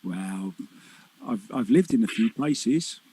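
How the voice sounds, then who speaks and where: A man's voice: fairly low pitch, animated, slow, dark tone, a little hiss or hum. A man doing casual live-stream commentary on pool, joking and teasing while reading viewer comments.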